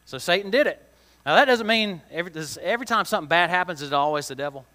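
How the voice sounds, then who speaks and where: A man's voice: high voice, animated, quick pace, pushed and bright. A man teaching a children's Bible lesson in a chatty way, often asking the kids questions and using plain, slangy words. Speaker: kids' church teacher. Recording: long reverb of a large hall.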